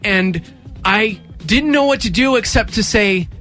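A young man hosting a radio talk show, telling a story in casual chat, animated and acting out voices in quotes. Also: high voice, soft background music. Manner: animated, acts out voices in quotes, quick bursts. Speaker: radio station host.

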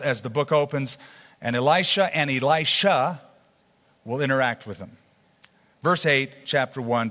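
Bright-voiced man preaching in a reverberant hall. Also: medium pitch. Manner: conversational Bible teaching with asides to the congregation. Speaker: pastor. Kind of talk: sermon.

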